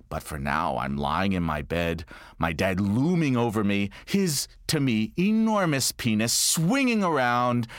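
A man performing a comic autobiographical monologue, telling stories with lively energy and deadpan asides. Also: medium pitch, no echo, studio quality. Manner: animated storytelling with deadpan asides. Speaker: comedic monologuist.

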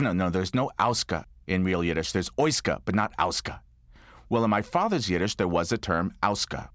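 Animated low-voiced male storyteller. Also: fairly quick, dry recording, clean studio sound. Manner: animated storytelling with deadpan asides. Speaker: comedic monologuist. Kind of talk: autobiographical one-man comedy monologue.

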